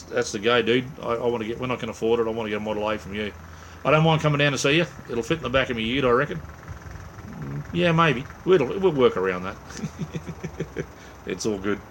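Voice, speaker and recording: This late-night livestream features a tired Australian host casually rambling to his viewers, full of fillers, friendly slang, and constant "mate" and "um." His mid-range voice has a fairly bright tone, and there's a little hiss or hum.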